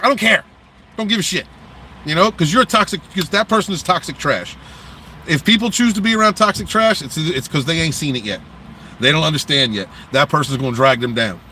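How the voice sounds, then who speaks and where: Man, livestream host, blunt profane rant, forceful sharp voice, faint outdoor traffic noise. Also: on the high side, fairly quick, poor audio. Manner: blunt, profane, animated ranting. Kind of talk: casual livestream talk.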